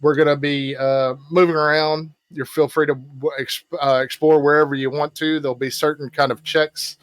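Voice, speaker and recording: A man running a tabletop game as game master, explaining rules in a halting way full of fillers. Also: fairly high pitch, little pitch movement, dry recording.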